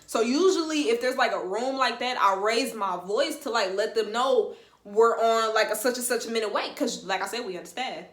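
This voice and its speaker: A young woman telling a story on her vlog in a slangy, animated, emphatic way. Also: fairly high pitch, normal speed. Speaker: vlogger. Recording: roomy echo.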